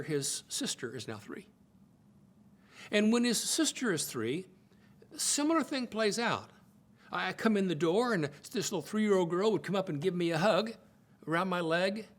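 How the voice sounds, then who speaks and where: This older American speaker teaches on marriage in a sermon-style talk, recounting family stories and performing the quotes with shifts in pitch and volume. He's expressive and tends to repeat words as he launches into a phrase.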